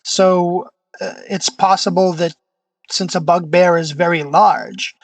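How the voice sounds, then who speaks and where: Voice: mid-range voice, fairly even intonation, a little hiss or hum, low-quality recording. Hesitant player in character. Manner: measured, hesitant, evasive. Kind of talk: in-character tabletop role-play.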